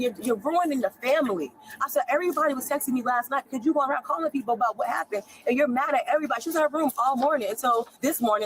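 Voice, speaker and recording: A woman's voice: high voice, fairly bright tone, slight background noise, low-quality recording. A woman recounting a family fight at home in an agitated rush, constantly quoting what everyone said. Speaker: person telling an officer about a family fight. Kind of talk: heated retelling.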